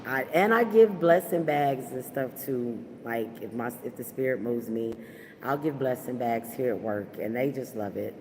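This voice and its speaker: A woman's voice: very deep voice, animated, moderate pace, darkish tone, long reverb tail, a little hiss or hum. A woman hosting a podcast, chatting casually and heartfelt with viewers, full of fillers and talk of faith. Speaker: podcast host. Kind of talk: casual livestream chat with viewers. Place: at her workplace.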